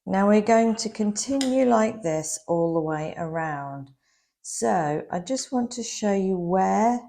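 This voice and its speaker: A woman with a fairly low, creaky, warm voice gives a slow, patient, step-by-step crochet lesson. Her voice sounds slightly worn, as though she is losing it a bit.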